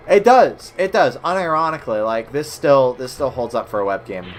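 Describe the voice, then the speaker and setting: A young man streaming old web games, chatting casually with viewers, cursing a lot and breaking into sudden loud outbursts. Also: medium pitch, expressive, brisk, hardly any pauses, faint music behind. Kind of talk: casual gameplay commentary.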